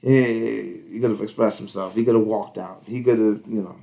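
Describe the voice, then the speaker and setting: A man's voice: fairly low pitch, steady tone, moderate pace, vocal fry, mellow. A man in casual podcast chat, talking loosely with lots of fillers and cursing, slipping into quoted voices. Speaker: podcast co-host.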